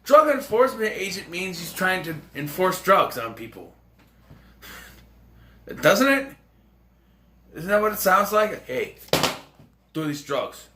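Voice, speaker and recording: A man rambling excitably and jokingly through a casual movie review. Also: high-pitched, measured pace, pauses often, slight background noise.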